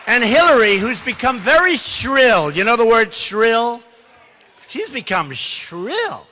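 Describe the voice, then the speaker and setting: A man's voice: extremely high pitch, sing-song, slow pace, bright, forceful tone, a faint crowd, slight background noise. A man who is a political candidate, giving a campaign speech to a live audience in a large hall, talking emphatically, rambling and repeating himself. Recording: long reverb of a large hall.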